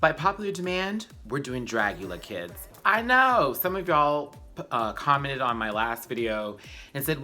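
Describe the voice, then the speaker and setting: Chatty bright-voiced young man reviewing. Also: measured pace, faint music behind. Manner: chatty, animated, slangy, with high-pitched exclamations. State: tired. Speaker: YouTube reviewer. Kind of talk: casual review vlog.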